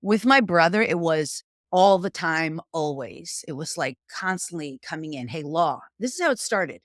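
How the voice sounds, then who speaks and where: A middle-aged woman from New York with a New York accent, telling her story as a guest in an animated, chatty way. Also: on the low side, moderate pace, no room sound, studio quality. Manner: animated, chatty, uses "like" often. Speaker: guest, psychic and spiritual teacher. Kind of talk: conversational storytelling.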